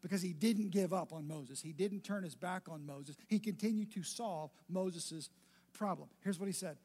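A man delivers a sermon in a relaxed, conversational tone that keeps building emphasis. His voice sits notably high. He leans on repeated phrases to drive each point home. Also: normal speed, husky. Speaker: pastor.

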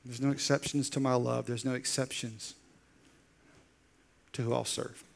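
A man preaching a sermon as pastor, telling the story with lively acted-out quotes and dropping into soft, intense lines. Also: mid-range voice, normal speed, gravelly, a little hiss or hum.

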